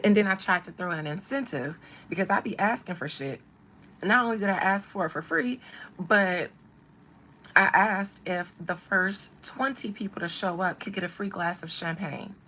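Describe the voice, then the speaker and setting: Frank, animated woman telling a story. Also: medium pitch, moderate pace, a little hiss or hum. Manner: animated, frank, swears freely. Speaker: podcast storyteller. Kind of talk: casual storytelling.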